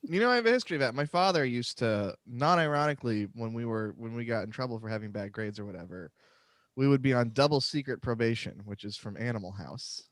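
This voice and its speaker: A man's voice: mid-range voice, fast, no room sound. A man hosting a live comedy podcast, joking and sarcastic, often trailing off into mumbles. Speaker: podcast host.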